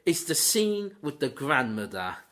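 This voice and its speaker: Animated chatty man. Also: medium pitch, measured pace. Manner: lively, chatty, slips into goofy quoted voices. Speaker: podcast co-host. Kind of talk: casual movie debate chat.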